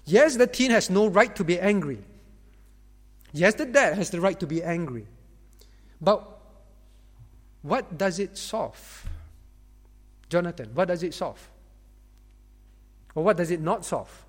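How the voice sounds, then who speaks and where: A man with a high voice preaches to parents in a lively sermon. He acts out the voices of angry parents and teens and calls on listeners by name. His voice rings with the long echo of a hall. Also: takes it slowly, pauses often. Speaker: pastor.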